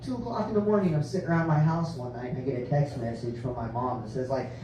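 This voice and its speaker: A man's voice: mid-range voice, quick pace, mellow, slight background noise. A man doing a stand-up set, rambling and profane, often laughing at his own jokes. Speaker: stand-up comedian. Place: comedy club stage. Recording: echoey club from far off.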